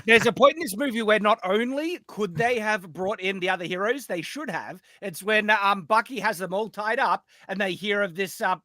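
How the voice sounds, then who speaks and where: A man's voice: high-pitched, fairly quick, hardly any pauses, bright, forceful tone, dry recording. A man on a casual panel explaining a point with energy. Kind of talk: casual chat.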